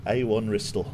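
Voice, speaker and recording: A young male streamer with a lowish voice that swings up and down a lot as he talks through his game. He keeps up a chatty, joking patter with his viewers, with a faint hiss of noise behind him. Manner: chatty, joking, talks to chat while playing. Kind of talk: casual gameplay commentary.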